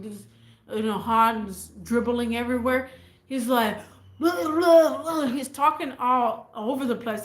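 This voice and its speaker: A woman vlogger telling a neighbor story in a rambling, animated, slangy way. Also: fairly high pitch, roomy sound. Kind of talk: casual storytelling.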